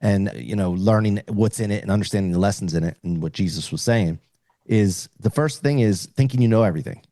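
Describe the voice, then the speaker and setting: A man's voice: fairly low pitch, fairly quick, warm tone, no echo. A middle-aged man speaking as a podcast guest, explaining earnestly in casual conversation with frequent restarts.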